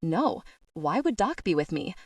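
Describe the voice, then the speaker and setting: A stern, commanding mafia boss man, put on by a woman narrator in a romance audiobook. His voice sits low and dry, a little back from the mic. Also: big pitch swings, unhurried, no echo, recorded from a distance, heavily acted.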